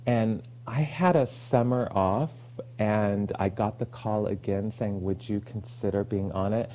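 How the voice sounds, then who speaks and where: A man's voice: lowish voice, unhurried, a little hiss or hum. A man from Oklahoma, a guest on a podcast, telling stories in casual chat and acting out the lines he quotes. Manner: animated storyteller, acts out quoted lines, laughs easily.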